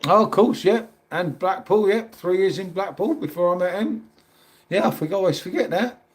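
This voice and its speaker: Middle-aged London man, livestream host, chatty and matey, slightly higher voice. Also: expressive, normal speed. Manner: chatty, matey, calls everyone mate. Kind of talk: casual live chat reading comments.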